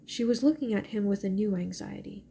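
A woman narrating a novel in a gentle, measured reading voice. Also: mid-range voice, slight background noise. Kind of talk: audiobook narration.

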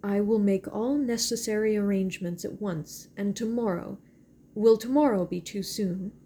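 A woman reading the part of a calm, reserved and kindly gentleman in a novel, speaking evenly and formally. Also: mid-range voice, moderate pace, creaky, slightly rough.

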